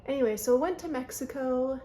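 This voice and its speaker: A high, mellow voice moves fairly quickly as a young beauty vlogger talks through a casual makeup tutorial. She sits by a mirror at home, chatty and rambling, often breaking off mid-sentence. Her phone camera picks up a little hiss or hum.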